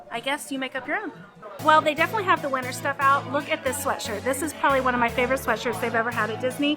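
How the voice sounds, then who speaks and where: Chatty woman gushing in a shopping vlog. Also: high-pitched. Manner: chatty, gushing about merchandise. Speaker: theme park vlogger.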